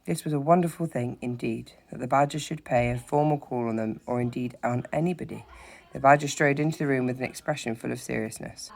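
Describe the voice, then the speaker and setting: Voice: medium pitch, fairly quick, gravelly. Teacher reading a storybook aloud. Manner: steady expressive narration with slips.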